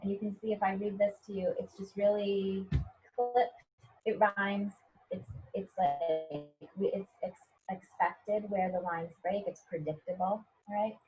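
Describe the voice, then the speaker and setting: A woman's voice: medium pitch, flat delivery, unhurried, over music. A middle-aged American woman, a poet and professor, teaching a poetry workshop over a video call in a conversational way, often checking in with "right?". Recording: dull lo-fi video call audio.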